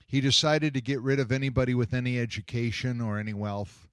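A man's voice: medium pitch, little pitch movement, brisk, no room sound, studio quality. A man preaching a sermon, telling a story and asking the congregation questions. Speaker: pastor.

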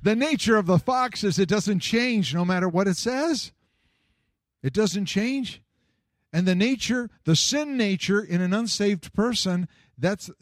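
A man's voice: high voice, no echo, studio quality. A man preaching a sermon, telling stories and acting out the voices in them with a chuckle. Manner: storytelling, acts out quoted voices, chuckles at own jokes.

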